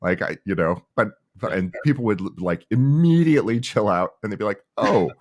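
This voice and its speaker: A middle-aged company founder speaks in a fairly low, fairly quick voice. He's chatting casually in an interview, telling stories with animation and acting out the people he quotes.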